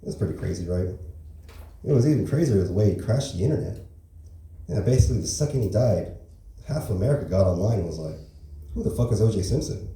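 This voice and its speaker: A man doing a rambling, deadpan stand-up set at an open mic, full of fillers. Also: lowish voice, fast talker, long pauses. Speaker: stand-up comedian. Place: comedy club open mic. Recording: echoey room from far off.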